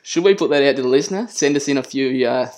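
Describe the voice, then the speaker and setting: A young Australian man co-hosting a casual podcast, telling a childhood story in a relaxed, easygoing way. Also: medium pitch, quick pace. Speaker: podcast co-host.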